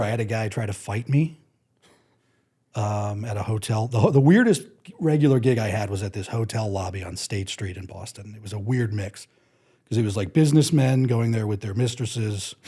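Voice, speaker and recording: Husky man telling road stories. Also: lowish voice, moderate pace. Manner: animated, acts out other people's lines. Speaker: guest musician. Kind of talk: casual storytelling.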